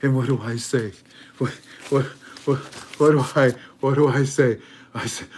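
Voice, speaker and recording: A man giving an animated commentary monologue in a dramatic, emphatic way, with many stammering restarts. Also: medium pitch, normal speed, long pauses, slightly rough. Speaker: online currency commentator.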